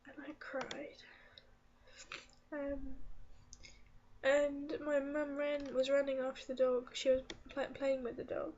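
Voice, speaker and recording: Soft, halting teenage girl, high voice. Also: completely flat delivery. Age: teens. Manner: soft, halting, often slipping into a whisper. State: tearful. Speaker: vlogger. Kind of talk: personal confessional vlog. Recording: muffled lo-fi sound.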